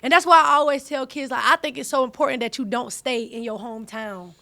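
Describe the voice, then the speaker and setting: Animated young woman chatting. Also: sits high, fast talker, gravelly, no room sound. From US South (Atlanta). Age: young adult. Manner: animated, slangy, repeats herself. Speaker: host, college athlete. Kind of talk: casual chat.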